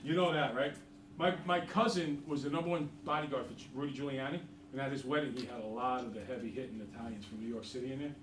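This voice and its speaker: A man's voice: medium pitch, fairly even intonation, fast, noisy background. A middle-aged man teaching a math class, chatty and jokey, quizzing the students. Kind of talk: classroom lesson. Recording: roomy, from far off.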